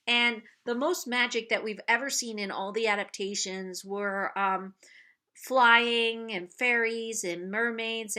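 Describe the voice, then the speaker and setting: A woman giving a casual spoken film review, halting and restarting often and laughing as she talks. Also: on the high side, sharp tone. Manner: halting, many restarts and self-corrections; laughs often while talking.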